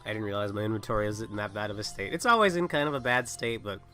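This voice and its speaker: In a quick, pushed, bright lowish voice, a sick young man chats loosely during a game livestream, coughing as he goes. He wanders from point to point and interrupts himself, with faint music behind him.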